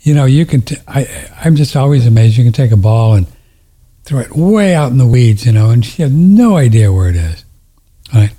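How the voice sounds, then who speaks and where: A man's voice: mid-range voice, lively intonation, a little fast, mellow, slightly rough. A man telling a story in a casual chat on a studio mic, rambling, emotional and tender, often laughing.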